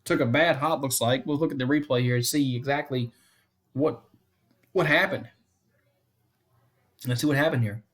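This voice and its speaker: A man hosting a fan live stream, giving casual play-by-play commentary, repeating the count and score often and chatting to viewers between pitches. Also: moderate pace, long pauses.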